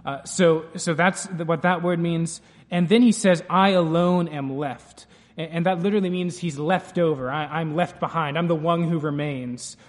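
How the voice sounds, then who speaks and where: A man's voice: a little high, fairly even intonation, normal speed, long reverb tail. A man preaching an expository sermon, explaining the text earnestly and restarting phrases as he goes.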